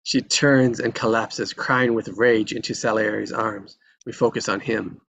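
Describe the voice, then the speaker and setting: Brief: man with a gravelly voice reading stage directions plainly. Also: fairly low pitch, steady tone, unhurried, a bit bright, a little hiss or hum. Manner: plain, matter-of-fact.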